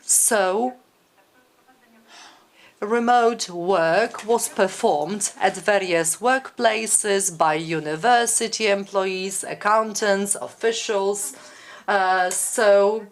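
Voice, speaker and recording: A woman interpreting academic conference talks in real time, measured and pausing often with hesitations. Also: mid-range voice.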